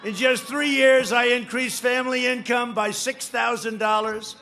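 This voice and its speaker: A man speaking at a campaign rally into a podium microphone, rambling, boastful and often shouting. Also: very high voice, steady tone, normal speed, background noise. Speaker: politician addressing a rally. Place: large rally venue.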